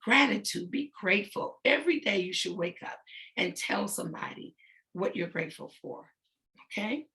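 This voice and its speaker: Leading a motivational self-image talk for young girls, this middle-aged woman is earnest and emphatic, going back over her main points again and again. She has a mid-range, expressive voice with a sharp tone, delivered at normal speed.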